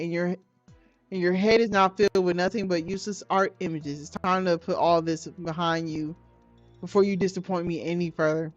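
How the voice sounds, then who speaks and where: A woman's voice: lowish voice, no echo, natural voice. A woman voicing a stern, wealthy older father who scolds coldly, on a dull lo-fi recording. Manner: cold, scolding, lecturing.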